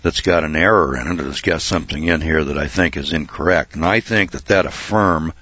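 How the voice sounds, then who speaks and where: A man preaching a folksy sermon and Bible study, often saying uh and clearing his throat. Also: very deep voice, brisk, pushed and bright, no room sound, muffled recording. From United States.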